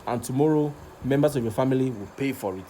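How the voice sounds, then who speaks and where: A man's voice: mid-range voice, fast talker, dark tone, slight background noise. Impassioned Nigerian man ranting. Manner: impassioned, repeats himself, stumbles over words. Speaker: vlogger. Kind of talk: passionate rant to camera.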